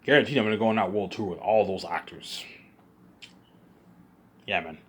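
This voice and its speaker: A man's voice: fairly low pitch, normal speed, breathy edge. Guy rambling on a vlog, hyped, says stuff over and over. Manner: hyped, repetitive, keeps circling back. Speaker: vlogger. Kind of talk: rambling monologue.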